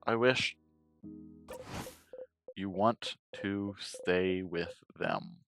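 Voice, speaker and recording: A man voicing a timid, lonely young traveler while reading a video game's dialogue aloud in a soft, hushed voice. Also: sits low, very slow, vocal fry, soft background music, heavily acted. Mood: sad.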